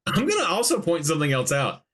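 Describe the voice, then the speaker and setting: A man hosting a podcast, chatting casually about a movie with quick jokes and frequent laughter. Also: a little high. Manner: animated, laughing, jokey asides. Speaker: podcast host. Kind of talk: casual movie commentary chat.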